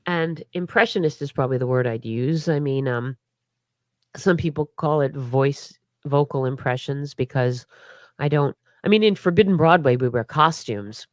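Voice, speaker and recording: A woman's voice: sits low, moderate pace, no echo, clean studio sound. A middle-aged woman chatting as an interview guest, talkative and laughing, with many restarts and hiccups. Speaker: guest performer. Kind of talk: casual interview chat.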